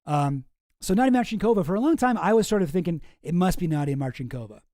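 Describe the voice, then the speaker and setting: A man's voice: high voice, animated, fast talker, warm tone, no room sound, clean studio sound. A man hosting a live stream, chatting casually and rambling with lots of swearing and restarts. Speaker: streamer host.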